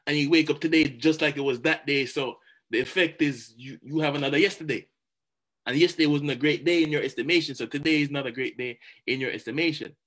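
A man giving a motivational talk, animated and chatty, often repeating words as he goes. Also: a little high, fast. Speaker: motivational speaker.

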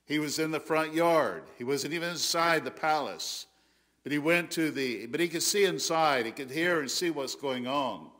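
Bright-voiced Southern American pastor preaching. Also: male voice, fairly high pitch, moderate pace. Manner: emphatic, rising loud on quoted scripture, frequent restarts. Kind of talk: sermon.

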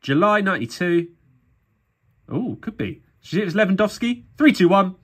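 A man's voice: high voice, big pitch swings, normal speed, fairly bright tone, slightly rough. A man from England chatting casually to viewers while opening sticker packs, tired and self-mocking. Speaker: sticker collecting YouTuber. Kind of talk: casual vlog commentary.

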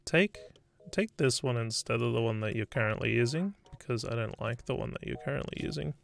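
A gravelly-voiced Australian man chats casually on a live stream while he works on code. His voice sits in a middle register with a rough, creaky edge. He rambles and thinks aloud, trailing off and restarting sentences as he goes. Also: medium pitch, brisk, soft background music. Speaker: streamer and game developer.

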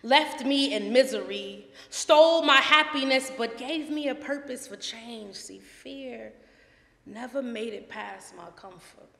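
A woman performing spoken word poetry at a gallery event, dramatic, swelling from hushed lines to loud ones. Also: on the high side, a little slow, creaky. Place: art gallery event before a live audience. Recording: echoey room with long reverb.

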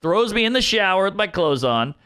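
A man's voice: high voice, fairly quick, clean tone. A man telling a wild comic story on a podcast, acting out the people in it. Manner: animated, acts out quoted voices. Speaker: comedian guest.

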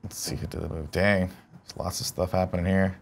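A young adult man co-hosting a casual movie watch-along, jokey and animated, often slipping into put-on voices. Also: deep voice, fairly quick, vocal fry. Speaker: co-host.

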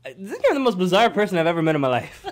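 A guy with a high, rapid-fire voice co-hosts live radio from a campus studio, his pitch swinging up and down a lot. He's animated and teasing, laughing constantly through the casual banter.

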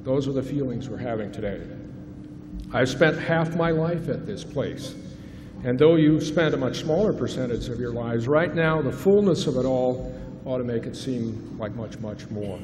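A middle-aged man, a faculty member, giving a formal, reflective commencement address from a podium. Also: mid-range voice. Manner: reflective, measured, rhetorical questions. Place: large hall at a graduation ceremony. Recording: reverberant hall, faint hiss.

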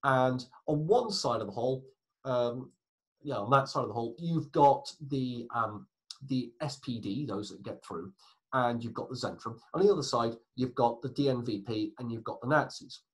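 A man's voice: medium pitch, animated, moderate pace, slightly rough, rough recording. Guy teaching history, chatty, lots of asides, voice goes up and down a lot. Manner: chatty, explains with asides and self-corrections. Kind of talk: recorded lesson.

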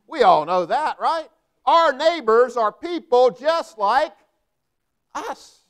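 A man's voice: very high-pitched, animated, slow, fairly bright tone. A man, a pastor preaching a sermon with emphatic delivery and frequent rhetorical questions. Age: 40s.

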